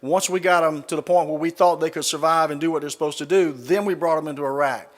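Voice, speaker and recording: A man's voice: fairly high pitch, fairly even intonation, fast. A middle-aged man with a Southern US accent telling folksy stories with dry punchlines to a live audience. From Southern United States. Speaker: keynote speaker. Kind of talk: speech with humorous anecdotes. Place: large conference hall, live audience. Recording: reverberant hall.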